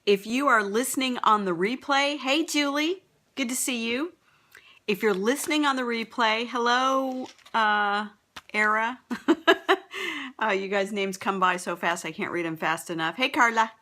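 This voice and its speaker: A woman's voice: a little high, unhurried, bright, forceful tone. A middle-aged woman with a Texan accent, a business coach chatting upbeat on a live broadcast and greeting viewers, stumbling over names.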